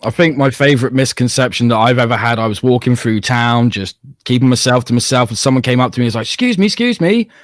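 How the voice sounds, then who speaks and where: A man's voice: mid-range voice, steady tone, fast, few pauses, no room sound. A young British man in a casual chat, joking and swearing freely as he tells stories. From Britain.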